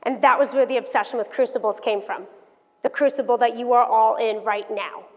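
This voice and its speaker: A woman in her thirties giving a motivational keynote talk, telling her story in an animated, frank and playful way to the audience. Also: fairly high pitch, a little fast. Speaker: keynote speaker. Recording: dull sound, long hall reverb.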